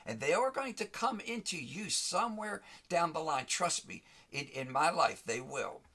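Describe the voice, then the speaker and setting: Gravelly, lively motivational speaker man. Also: fairly high pitch, moderate pace. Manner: emphatic, repeats and rhymes key phrases, addresses listener directly. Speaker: host of a motivational show. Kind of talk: motivational talk.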